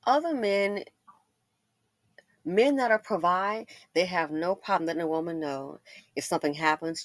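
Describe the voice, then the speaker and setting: A woman's voice: on the low side, moderate pace, long pauses, no echo. A middle-aged woman, telling stories in a casual commentary monologue, laughing and addressing the ladies directly. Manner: laughs and breaks into loud exclamations. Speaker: commentary channel host.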